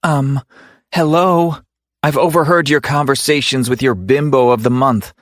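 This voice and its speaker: A man's voice: medium pitch, steady tone, unhurried, no echo, clean studio sound, pitched above the performer's own voice, lightly acted. A man voicing a feisty, sassy young woman in an audiobook, snapping indignant retorts. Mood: exasperated. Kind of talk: audiobook character voice.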